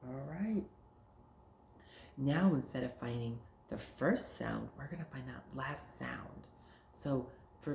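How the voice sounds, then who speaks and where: A male teacher leading a phonics lesson for young children, sounding out words and single letter sounds slowly, with big jumps in pitch. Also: big pitch swings, vocal fry, a little mellow, slight background noise. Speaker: early-grade teacher. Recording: roomy echo.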